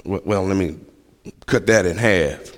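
Man preaching slowly in a reverberant hall. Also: low-pitched. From Memphis, USA. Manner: folksy storytelling with self-mocking humor. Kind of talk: sermon.

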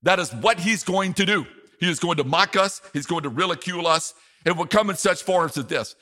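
A man's voice: high voice, fairly quick, sharp tone, in a large hall. A man preaching a sermon as pastor, speaking emphatically and repeating key phrases.

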